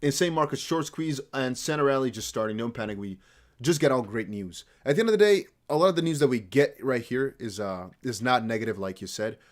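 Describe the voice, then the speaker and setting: A man's voice: medium pitch, brisk. A man from the Netherlands with a near-American accent, chatting casually and rambling to his livestream viewers as a crypto host. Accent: American-sounding English with slight Dutch traces. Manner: rambling, animated, talks to chat.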